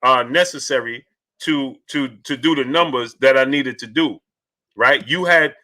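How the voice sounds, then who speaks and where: A man's voice: mid-range voice, unhurried. A man hosting a casual live stream about boxing, arguing his points with energy while greeting viewers by name and reading their super chats. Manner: animated, greets viewers by name mid-argument.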